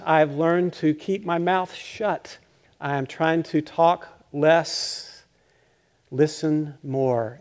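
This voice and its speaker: A man's voice: a little high, mellow. Older male pastor, chatty sermon. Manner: conversational, self-deprecating, halting with restarts and chuckles.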